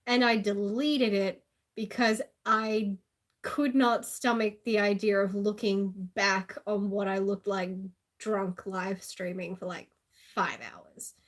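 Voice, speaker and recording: A woman's voice: medium pitch, fairly even intonation, slow. A woman with an Australian accent chatting casually and sarcastically on a live stream, laughing often.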